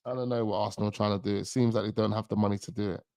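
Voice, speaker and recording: A man's voice: fairly low pitch, flat delivery, very fast, gravelly, darkish tone, no echo, clean studio sound. A man hosting a football channel, talking in a rambling, slangy way with chuckling asides. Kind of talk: casual live-stream chat.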